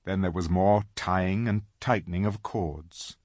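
A man narrating a children's storybook aloud, slow and dramatic in his reading. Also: sits low, fairly even intonation, darkish tone, no room sound, studio quality. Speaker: audiobook reader.

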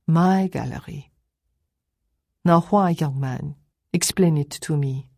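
Woman reading stern formal older lady, slow and deliberate, low husky tone. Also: dark tone, dry recording, studio quality, exaggerated voice. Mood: probing.

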